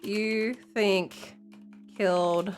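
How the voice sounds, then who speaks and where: A woman streaming a video game live, commenting in an animated, reactive way, with sudden loud exclamations. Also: medium pitch, extremely slow, soft background music.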